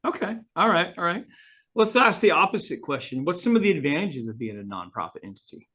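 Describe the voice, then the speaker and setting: A man hosting a podcast, asking relaxed open questions with a few fillers. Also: on the high side, brisk. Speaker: podcast host. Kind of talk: casual interview.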